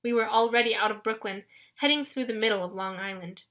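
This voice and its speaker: A woman narrating an audiobook in a lively first-person storytelling manner. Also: a little high, fast.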